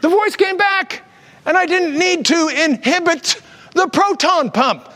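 A man's voice: extremely high pitch, measured pace, bright, forceful tone. A man in his fifties, a pastor preaching a sermon, telling stories and mimicking the voices of people he quotes. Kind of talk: sermon with storytelling. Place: church sanctuary with long reverb. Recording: reverberant church hall.

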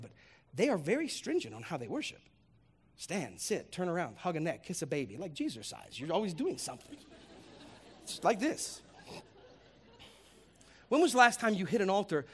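Man, sermon, high voice, very lively pitch, humorous, plays out little scenes. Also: slightly rough. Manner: animated, humorous, acts out voices. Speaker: pastor.

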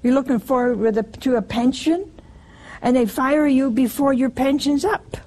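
Woman preaching, kinda high husky voice, talks homey, keeps asking the crowd stuff. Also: moderate pace, mellow, low-quality recording. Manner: homely, asks the listeners many rhetorical questions. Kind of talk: conversational sermon.

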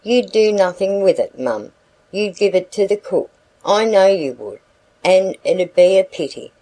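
A woman's voice: mid-range voice, expressive, measured pace, dark tone, voice pushed up, low-quality recording. A woman voicing a talkative rural male packman who coaxes a customer in a broad country dialect. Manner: coaxing sales patter.

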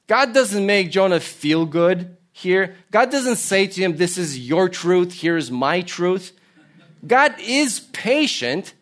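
A man's voice: sits high, fairly bright tone. A man preaching a sermon, earnest, telling stories and asking rhetorical questions. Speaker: pastor.

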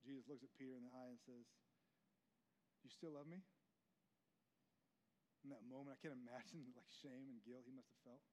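A man's voice: mid-range voice, little pitch movement, quick pace, hardly any pauses, darkish tone, slight background noise. A man, a pastor, giving a sermon in a conversational storytelling manner and speaking directly to the congregation. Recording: long reverb of a large hall.

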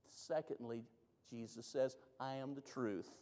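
A man preaching a sermon, moving between loud, rising climaxes and hushed, slow lines. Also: medium pitch. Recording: long reverb of a large hall.

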